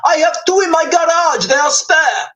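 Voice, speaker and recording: A man voicing a boastful male Russian official who speaks broken English in a mock Russian accent, loud and offhand. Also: very high voice, lively intonation, moderate pace, pitched above the performer's own voice, exaggerated voice.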